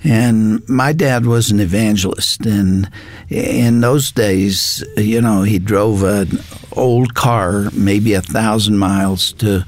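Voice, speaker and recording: A male talk show host speaking in a measured, reflective way while interviewing a guest. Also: lowish voice, steady tone. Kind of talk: interview conversation.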